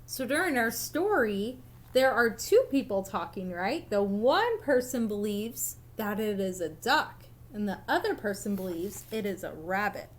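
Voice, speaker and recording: A woman teacher reading a picture book aloud to young children in a recorded lesson, playful and animated. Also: medium pitch, unhurried.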